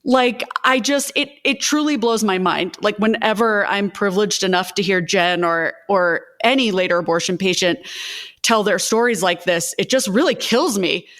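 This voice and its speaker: A woman's voice: mid-range voice, normal speed, fairly bright tone. Impassioned woman advocate on a panel. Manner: impassioned, speaks in bursts with restarts. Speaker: advocacy group co-founder. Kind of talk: panel conversation.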